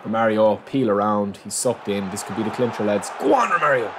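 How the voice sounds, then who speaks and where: A man giving excitable live commentary on his own football video game, reacting aloud and calling his viewers lads. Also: lowish voice, fairly quick. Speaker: gaming channel host. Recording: noisy game sound mix.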